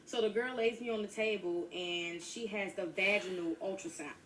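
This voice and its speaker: A woman's voice: medium pitch, fairly even intonation, normal speed. A woman narrates a personal story in a chatty, casual storytime way, talking straight to her listeners. She sounds a little far from the mic, with a faint hiss behind her. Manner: chatty, addresses listeners as y'all. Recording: distant mic with faint noise.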